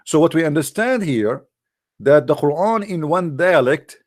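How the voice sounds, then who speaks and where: A man's voice: fairly high pitch, animated, unhurried, no room sound, studio quality. Scornful man speaking non-native English. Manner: emphatic, repetitive, scornful. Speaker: live-stream host. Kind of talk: argumentative commentary to a live chat.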